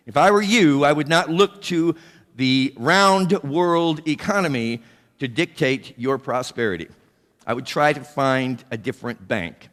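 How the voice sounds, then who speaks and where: A man's voice: fairly high pitch, fairly bright tone. Playful preacher man in a reverberant hall. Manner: playful, asks the congregation rhetorical questions. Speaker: minister. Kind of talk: sermon.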